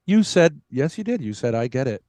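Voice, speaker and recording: Halting debate panelist full of hesitations. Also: male voice, mid-range voice, very animated, warm tone, dry recording. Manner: halting, full of fillers and restarts. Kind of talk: heated debate.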